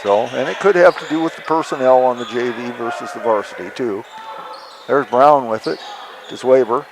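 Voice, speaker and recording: A man's voice: medium pitch, moderate pace. A man doing easygoing, joking play-by-play commentary on a basketball webcast. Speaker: play-by-play announcer. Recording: noisy gym webcast. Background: gym ambience, ball bouncing.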